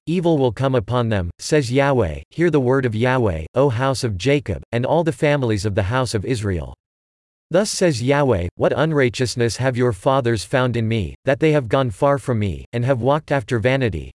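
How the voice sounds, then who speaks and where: Male scripture reader, mid-pitched, measured delivery, dry close mic. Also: a little mellow, no room sound. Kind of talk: scripted Bible reading.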